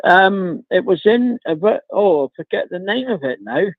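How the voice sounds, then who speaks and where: A man calling in to a live stream, rambling with many pauses and calling the host mate. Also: high-pitched, expressive, dry recording. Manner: rambling, says mate a lot, frequent ums. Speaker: caller. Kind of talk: casual phone chat. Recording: tinny dry phone line.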